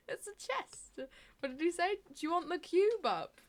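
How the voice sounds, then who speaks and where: A woman's voice: extremely high pitch, big pitch swings, a little slow. A woman livestreamer chatting casually with her chat, laughing often and swearing freely.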